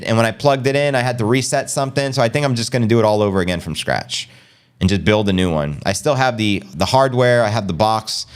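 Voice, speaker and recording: A middle-aged American man hosting a casual crypto livestream, energetic and slangy, reading and answering viewer comments. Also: mid-range voice, clear, resonant tone. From United States. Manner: energetic, fast-paced, slangy.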